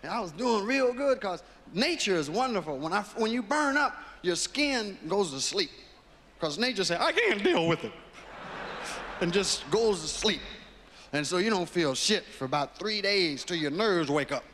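A man in his thirties doing stand-up comedy, telling a story in a profane, animated way and acting out voices. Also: high-pitched, normal speed. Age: 30s. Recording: live reverberant hall with background noise.

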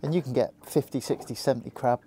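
A man's voice: medium pitch, fast talker, mellow, a little hiss or hum. A man with a Hampshire accent giving easygoing running commentary while fishing from a small boat, chatting to the fish and the viewer. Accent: Hampshire English. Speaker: angler vlogger.

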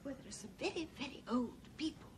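A woman's voice: high voice, lively intonation, fast talker, background noise. A prim elderly grandmother. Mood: firm, flustered. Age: older. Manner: prim and clipped, politely firm. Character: proper, reserved elderly English grandmother. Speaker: elderly hotel resident. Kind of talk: 1970s television drama acting.

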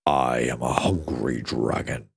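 A man voicing a hungry male dragon in a children's story, slow and rumbling. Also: steady tone, vocal fry, husky, dry recording, clean studio sound, full character voice. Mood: menacing. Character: hungry deep-voiced male dragon, menacing.

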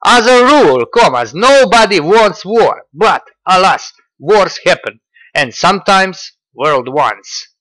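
A man reading out quotes as a pompous male ideologue, declaiming slowly and loudly. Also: high-pitched, big pitch swings, no echo, pitched above the performer's own voice, heavily acted. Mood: grandiose. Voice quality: declamatory, slow and loud.

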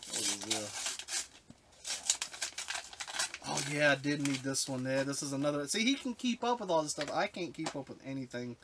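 This vlogger's mid-range voice is animated, moving at normal speed with long pauses as he opens retro games from his collection. Overwhelmed and choked up, he keeps trailing off mid-sentence; hiss and clicks run underneath.

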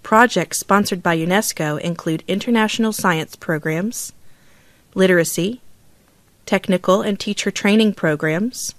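Woman reading practice words and sentences clear and careful, dry close sound. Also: mid-range voice, no room sound. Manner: clear, deliberate model reading. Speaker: textbook audio reader.

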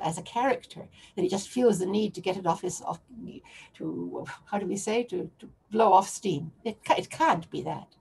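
A woman's voice: mid-range voice, darkish tone, breathy edge. A woman lecturing on a biblical text to a remote audience, often restarting and posing questions as she searches for words.

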